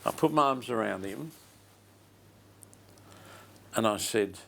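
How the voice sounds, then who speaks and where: An older pastor delivers a sermon slowly, with heartfelt pauses and repeated phrases. His voice sits low and has a gravelly edge. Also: expressive, a bit bright, a little hiss or hum.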